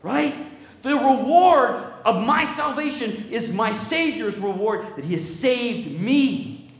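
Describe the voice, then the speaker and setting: Brief: male pastor mid-sermon, lively and chatty, high voice, reverberant church room. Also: slow. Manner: animated preaching with sudden loud jumps and quiet drops; conversational, checks in with "right?" and "okay?".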